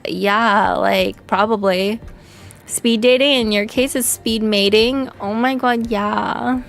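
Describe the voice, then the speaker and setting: A woman's voice: fairly high pitch, steady tone, slow, creaky, a bit bright. A young woman streaming, chatting casually with her chat in a frank, crude, self-mocking way with frequent laughs. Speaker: vtuber streamer. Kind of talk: casual livestream chat reading comments.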